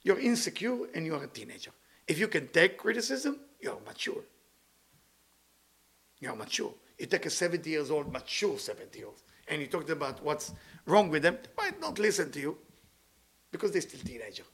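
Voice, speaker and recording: Man, spiritual motivational talk, non-native english, playful, repeats lists, high pitch, very lively swings. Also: normal speed. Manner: animated, playful, repeats words in long lists; speaks non-native English with dropped words.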